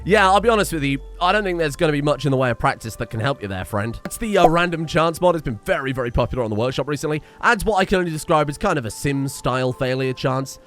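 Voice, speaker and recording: A man giving casual gameplay commentary, excitable and often laughing, talking to the characters on screen. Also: a little high, fast, hardly any pauses, soft background music. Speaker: gaming video creator.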